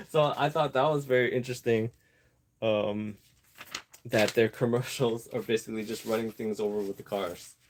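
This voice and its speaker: A man chatting to his viewers while he sews an apron, wandering from point to point and laughing at his own thoughts. His voice sits in a middle pitch, and he often sounds distracted by the work in his hands. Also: fairly even intonation, moderate pace, pauses often, a little hiss or hum. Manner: talks while sewing an apron. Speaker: vlogger. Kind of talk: rambling casual chat.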